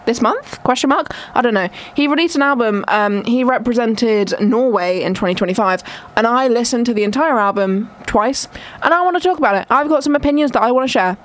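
A young woman hosting a radio show, chatting in an excitable, theatrical way and often interrupting herself. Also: on the high side, brisk, few pauses. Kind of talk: casual radio chat.

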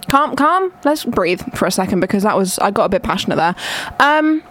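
A young woman hosting a radio show, chatting in an excitable, theatrical way and often interrupting herself. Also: fairly high pitch. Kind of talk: casual radio chat.

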